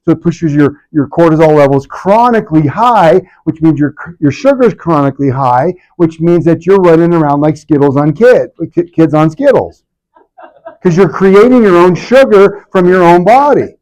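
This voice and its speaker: A man giving a lively health workshop to a live audience, asking the room questions and acting out patients' complaints in a jokey way. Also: a little high, moderate pace, poor audio. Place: clinic event room.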